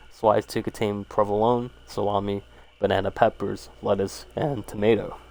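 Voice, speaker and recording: Reading short horror stories in a creaky, lowish voice, a man casually rambles on about each tale. His delivery is relaxed, full of fillers and swearing.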